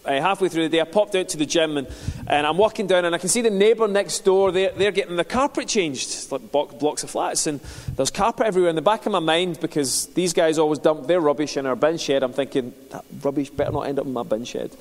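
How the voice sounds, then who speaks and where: A man's voice: on the high side, fast. A man preaching a sermon, telling stories in a conversational, self-deprecating way. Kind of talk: sermon with storytelling. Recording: reverberant hall.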